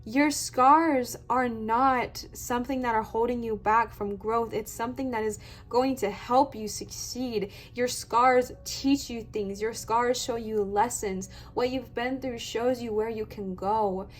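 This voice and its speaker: A woman's voice: on the high side, fairly even intonation, measured pace, hardly any pauses. A young woman giving a pick-a-card tarot reading in an earnest, emphatic way, close to tears and repeating affirmations. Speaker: tarot reader.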